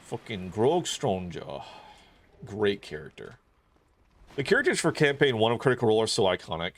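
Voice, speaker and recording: A man's voice: lowish voice, big pitch swings, normal speed. Rambling, swearing male game streamer. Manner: rambling, profane, many fillers. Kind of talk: casual chat while gaming.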